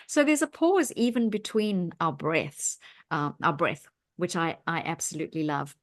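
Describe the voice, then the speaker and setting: A woman co-hosting a relaxed mindfulness chat. She reflects aloud, pausing on ums and restarting her sentences as she goes. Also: fairly low pitch. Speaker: podcast co-host. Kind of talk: casual chat.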